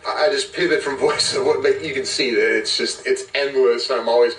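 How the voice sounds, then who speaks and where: A man answering fan questions in a casual, animated, rambling way, slipping into character voices now and then. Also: medium pitch, moderate pace. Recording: roomy, from a distance.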